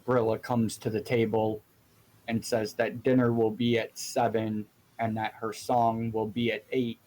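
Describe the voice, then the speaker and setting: Slow, flat-voiced man running a tabletop game. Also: on the low side, low-quality recording. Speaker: dungeon master.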